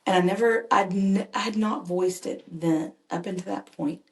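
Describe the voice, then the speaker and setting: Earnest mom telling stories in an echoey room. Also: female voice, medium pitch, moderate pace, vocal fry. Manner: earnest, animated, laughs while telling stories. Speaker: guest, mother and caregiver. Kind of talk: conversational personal storytelling.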